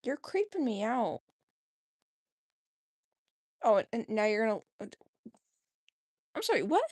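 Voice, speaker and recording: A woman's voice: on the high side, very animated, a little slow, a little mellow, husky, dry recording, studio quality. A woman vlogging at home, coaxing her cats onto the bed with giggly baby talk. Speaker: vlogger, cat owner. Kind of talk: casual chat with her pets.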